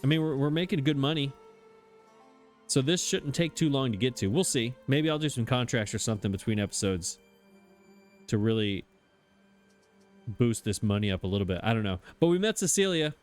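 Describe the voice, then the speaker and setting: A man's voice: medium pitch, expressive, a little fast, pauses often, soft background music. A man giving casual, self-mocking commentary as he plays a game, chatting and laughing at himself as he goes. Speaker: let's play host.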